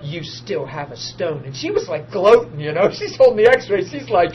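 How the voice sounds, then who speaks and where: A man preaching a testimony as a story, excitable, bursting into laughter and shouts. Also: high-pitched, moderate pace. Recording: muffled recording with steady hum.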